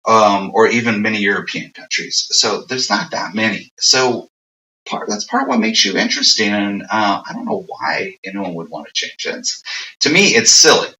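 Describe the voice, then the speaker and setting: Bright-voiced middle-aged man, echoey room. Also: lowish voice, moderate pace, recorded from a distance. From United States. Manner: animated, acts out quoted exchanges. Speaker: English teacher guest. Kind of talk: casual conversational advice.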